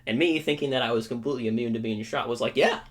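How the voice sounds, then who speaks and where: This young podcast co-host has a mid-range voice and rapid-fire delivery. His storytelling is animated and laid-back, punctuated by regular check-ins with the listener.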